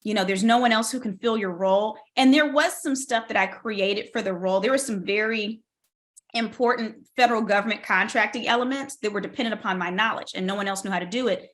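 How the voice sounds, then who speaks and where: A woman guest on a podcast interview telling a personal story with lively, animated delivery and acted-out dialogue. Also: medium pitch, a little fast. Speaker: guest, tech strategist and keynote speaker.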